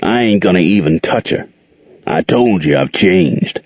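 A man voicing a smug, menacing man with a gravelly voice in a story reading. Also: deep voice, animated, measured pace, no room sound. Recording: dull lo-fi dry recording.

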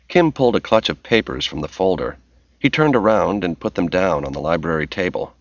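A man narrating a novel as an audiobook in a steady, measured reading voice. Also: sits low, no room sound, muffled recording.

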